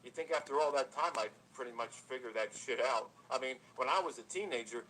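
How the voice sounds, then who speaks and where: A man's voice: mid-range voice, fairly quick, bright, forceful tone. Blunt, cursing man on a noisy stream. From New Jersey. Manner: blunt, profane, repetitive. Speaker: YouTuber. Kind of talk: livestream rant to viewers.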